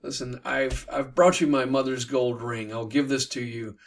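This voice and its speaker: A man voicing a lovesick young male suitor who is disgusted after a trick, his voice jumping high and shrill. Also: steady tone, moderate pace, recorded from a distance, lightly acted. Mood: wheedling.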